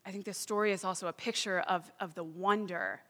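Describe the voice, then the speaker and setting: A woman's voice: medium pitch, fairly even intonation, a little fast, sharp tone. Earnest woman preaching in a reverberant hall. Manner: earnest, building to fervent emphasis. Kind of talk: sermon with a read-aloud testimony.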